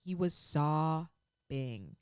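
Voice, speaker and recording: Low-voiced woman gushing about a show. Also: animated, drawn-out words, a little mellow, clear, resonant tone, no echo, studio quality. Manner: gushing, emotional recap with many "like" fillers. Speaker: podcast co-host. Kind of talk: casual fan chat.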